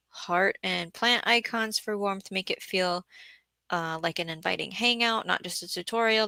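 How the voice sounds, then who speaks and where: A woman hosting a casual gardening livestream, tired after a bad day, chatting and thinking aloud while reading viewer comments and clearing her throat often. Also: mid-range voice, pushed and bright, no room sound. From Southeast Florida. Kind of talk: casual live-stream chat reading comments.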